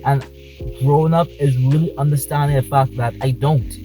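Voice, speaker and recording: A man's voice: medium pitch, steady tone, moderate pace, over music, poor audio. A man vlogging from inside a car, speaking passionately and emphatically, repeating his points. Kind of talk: talking to camera in a car.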